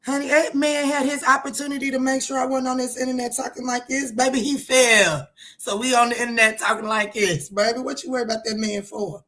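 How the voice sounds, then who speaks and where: A woman's voice: high voice, steady tone, a little fast, fairly bright tone. A middle-aged woman who reads tarot, chatting casually and playfully on a livestream. She laughs often and answers comments from her viewers. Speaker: tarot reader.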